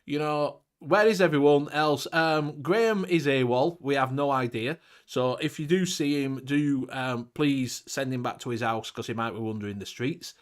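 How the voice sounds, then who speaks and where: A man's voice: mid-range voice, moderate pace, hardly any pauses. A man with a Northern English accent hosting a casual live-stream chat, talking bluntly with some swearing and local slang. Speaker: host of a vaping live show.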